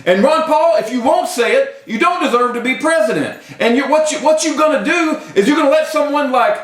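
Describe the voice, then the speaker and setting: Guy yelling his rant at a home camera, real high voice, roomy echo. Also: a little fast. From Texas. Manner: impassioned, bursts into yelling. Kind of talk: ranting straight to camera.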